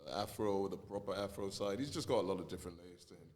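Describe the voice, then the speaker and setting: A man from Nigeria, a musician guest, talking in a relaxed podcast chat, full of fillers and restarts. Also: low voice, quick pace.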